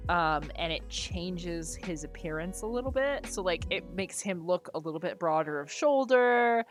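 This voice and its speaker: A woman in casual chat on a live stream, enthusiastic and quick to laugh, with sudden loud bursts. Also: fairly low pitch, expressive, soft background music.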